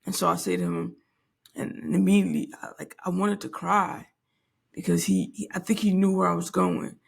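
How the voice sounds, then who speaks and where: With a low, steady voice marked by vocal fry and breathiness, this woman talks at a moderate pace. A podcast host in her late 40s, she recounts a personal story candidly and reflectively, halting and restarting often.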